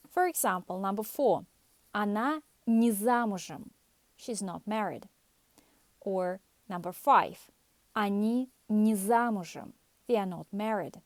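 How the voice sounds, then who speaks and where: Woman calmly explaining grammar. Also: mid-range voice, no echo. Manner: calm explanatory reading of grammar rules. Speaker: language teacher. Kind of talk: scripted language lesson.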